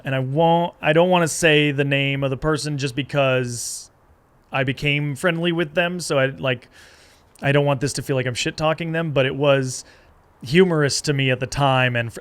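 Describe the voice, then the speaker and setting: A middle-aged man chatting casually as a guest, telling lively stories and slipping into character voices. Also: clear, resonant tone. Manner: animated storytelling, jumps into high-pitched character voices. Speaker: guest, comedic actor. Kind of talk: casual chat.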